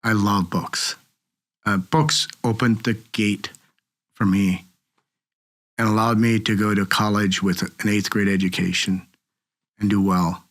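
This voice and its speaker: A man's voice: on the low side, flat delivery, measured pace, pauses often, a bit bright. A man, a museum director, speaking articulately with a dry sense of humor. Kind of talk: casual chat.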